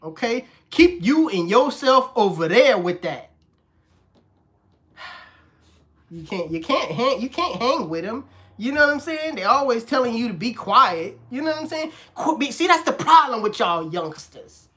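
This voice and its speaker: An animated man chats casually on a live stream while he works as a barber. His pitch swings widely as he jokes around. He keeps the talk loose and playful, like he is hanging out. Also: a little slow. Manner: animated, laughing, mimics older folks in a squeaky voice. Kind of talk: casual livestream chat.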